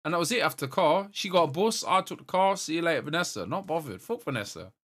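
A man with an English accent tells a game story in casual chat. His voice is a little high, bright and forceful, and his pitch jumps around a lot as he acts out his part. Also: fast, slightly rough. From England. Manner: animated storyteller, swears freely, acts out his own lines. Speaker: gamer discussing a story game.

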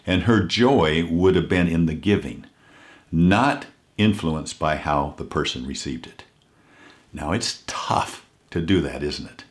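A man giving an earnest inspirational talk, telling a story and slowing down to stress key points. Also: low voice. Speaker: motivational speaker.

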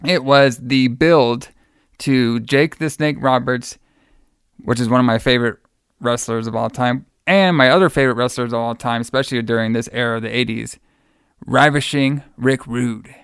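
A man's voice: medium pitch, normal speed, fairly bright tone, clean tone, no room sound, clean studio sound. A man hosting a podcast, chatting casually and telling a story in a rambling, enthusiastic way. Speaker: podcast host. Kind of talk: casual chat.

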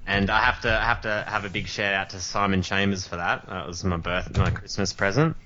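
Low, bright-voiced man rambling. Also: steady tone, fairly quick, muffled recording, a little hiss or hum. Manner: rambling, many fillers and restarts. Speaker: collector in group chat. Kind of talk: casual chat.

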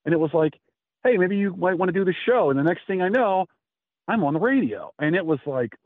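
A man's voice: high voice, animated, fairly quick, no room sound. A man, a radio host telling a rambling story in an interview and acting out the quotes. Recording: tinny phone-like line.

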